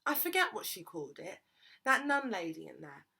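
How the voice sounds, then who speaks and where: A woman's voice: medium pitch, very animated, normal speed, vocal fry, sharp tone, husky, full character voice. A woman voicing an earnest, anxious young schoolgirl who gabbles her pleas. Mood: pleading.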